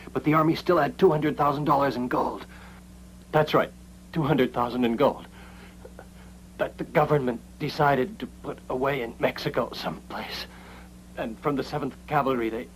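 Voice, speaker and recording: An actor playing a man in a dubbed western who tells a story in a halting, earnest way. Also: mid-range voice, a little hiss or hum, lightly acted, rough recording. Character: man recounting a lost army gold tale. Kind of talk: dubbed 1970s western film acting.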